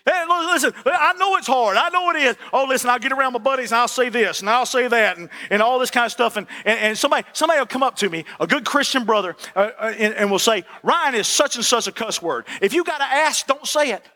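A man preaching a sermon as the pastor, folksy and animated, repeating "listen" and asking for "amen". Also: very high voice, fast talker, hardly any pauses.

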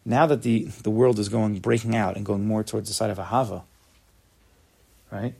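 A man's voice: on the low side, steady tone, moderate pace, gravelly, darkish tone, breathy edge. A man giving a spoken Torah lecture, emphatic and repetitive, often dropping Hebrew terms into his English. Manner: emphatic, repeats words, sprinkles in Hebrew terms. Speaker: Torah teacher.

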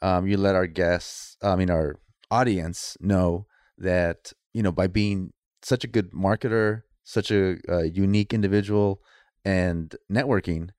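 A man hosting a podcast in casual chat, agreeable and quick with short affirmations. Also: low-pitched, steady tone, darkish tone. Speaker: podcast host.

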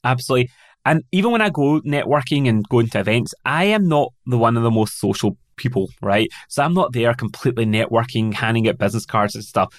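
A middle-aged man with a Scottish accent hosts a conversational podcast interview, telling stories in an upbeat, relaxed way. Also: mid-range voice, brisk, dry recording, clean studio sound. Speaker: podcast host.

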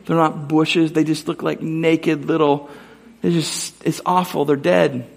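A man's voice: a little high, flat delivery, measured pace, gravelly, pitched above the performer's own voice. A man voicing his exasperated mother as she complains, slightly raising his voice for her during a sermon story. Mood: dismayed. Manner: dismayed, complaining. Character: exasperated mother scolding about over-pruned trees.

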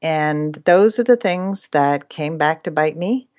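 Low-voiced woman telling stories animatedly. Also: slow pace, no echo, clean studio sound. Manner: animated, laughs often, expressive pitch swings. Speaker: guest, dating coach. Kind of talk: interview storytelling.

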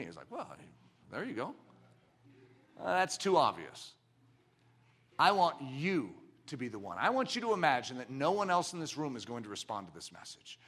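A middle-aged man preaching a sermon with passion, moving from quiet, close talk to shouting. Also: on the high side. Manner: impassioned, swings from quiet intimacy to shouting.

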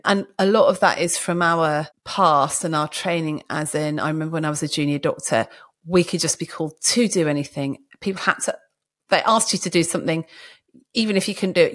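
A middle-aged woman, a doctor co-hosting a podcast, chatting in a casual, self-deprecating way and laughing often. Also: on the low side. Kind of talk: casual conversation.

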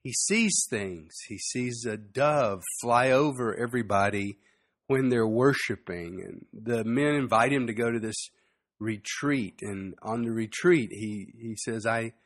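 Man preaching in a relaxed storytelling way. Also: mid-range voice, measured pace. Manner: relaxed, with frequent "you know" asides. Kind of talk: conversational sermon storytelling.

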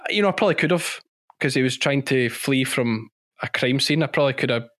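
A man, a former policeman turned sheep farmer, talks through his stories in a relaxed, rambling way. He laughs easily and repeats his points as he goes. His voice sits at a middle pitch, recorded close and dry with no room sound. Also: brisk, no echo. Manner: chatty storytelling, laughs often, repeats himself. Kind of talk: casual podcast interview.

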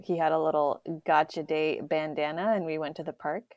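A woman co-hosting a casual podcast, chatty and relaxed, telling stories with lots of "like". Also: sits low, fairly quick, no room sound. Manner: chatty storyteller, uses "like" often. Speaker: podcast co-host. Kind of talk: casual chat.

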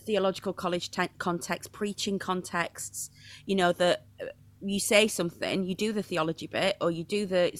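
A woman priest with a regional English accent, telling stories in a playful, animated way during an interview. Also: lowish voice. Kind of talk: conversational interview.

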